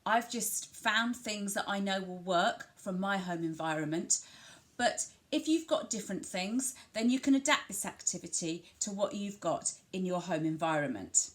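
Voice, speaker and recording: A woman from England who gives a home video lesson to parents on early language play. She talks gently and reassuringly and slows down to stress the key words as she models them. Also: medium pitch. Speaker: family centre early language practitioner.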